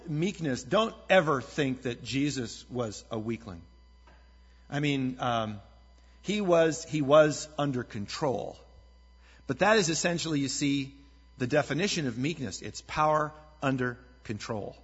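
Male pastor, husky and a touch high, conversational sermon delivery; muffled recording in a reverberant hall. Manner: conversational, earnest preaching with lively storytelling. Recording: dull lo-fi sound with long hall reverb.

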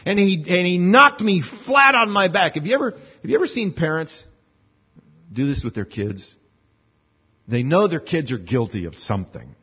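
A man preaching a conversational sermon, animated and acting out little scenes with voices. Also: a little high, moderate pace, husky. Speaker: pastor. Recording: muffled lo-fi sermon recording.

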